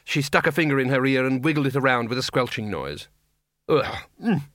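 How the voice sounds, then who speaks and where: A man narrating a comic fantasy audiobook in a measured, dry storytelling manner. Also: medium pitch, fairly bright tone, no echo.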